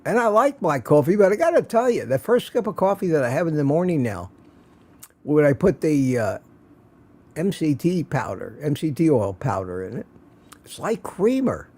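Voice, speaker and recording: A man's voice: fairly high pitch, very animated, normal speed, warm tone. An older man hosting a casual morning livestream, greeting viewers by name in a chatty, self-mocking way. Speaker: livestream host.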